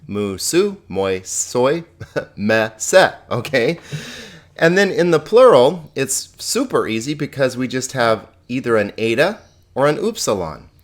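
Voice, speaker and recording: A man's voice: mid-range voice, big pitch swings, a little slow. Man, teacher delivering a recorded lesson; friendly and patient, repeats forms, asks the class questions. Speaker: Greek teacher.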